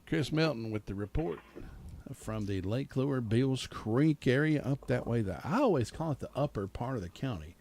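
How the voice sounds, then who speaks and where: A middle-aged man hosts a local morning radio show from the studio, chatting and joking casually. His voice sits in the mid-range, a little mellow, with lively intonation and a moderate pace.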